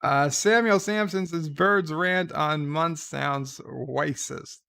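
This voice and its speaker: A gravelly-voiced man with a fairly high voice hosts a casual livestream. He talks at an unhurried, slow pace, reading viewer comments aloud and wandering off into wry, rambling asides. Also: sharp tone. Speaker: livestream host.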